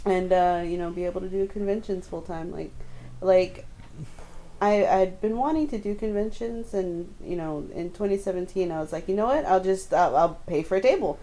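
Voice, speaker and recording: A woman's voice: on the low side, moderate pace, dark tone, poor audio. A woman, chatting casually on a podcast with friends, laughing and using lots of fillers. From Texas. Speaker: podcast co-host. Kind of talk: casual chat.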